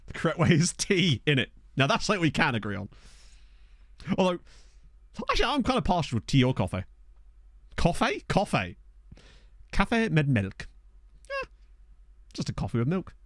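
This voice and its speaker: A man's voice: on the high side, wildly swooping pitch, a little fast, pauses often, fairly bright tone, no echo, studio quality. A young man with a Southern English accent, chatting casually while playing a game and answering his stream chat. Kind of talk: casual gameplay commentary while reading chat. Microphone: desk microphone.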